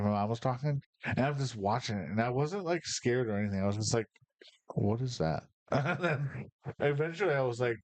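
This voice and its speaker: A Michigan man hosting a casual podcast spins rambling personal stories, cursing and getting fired up. His voice is lowish with a darkish tone, recorded dry.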